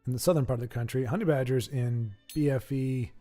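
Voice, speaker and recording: A man's voice: mid-range voice, brisk, mellow, faint music behind. A man hosting a live game stream, chatting casually with viewers and commenting on matches in a joking, rambling way that stumbles over repeated words.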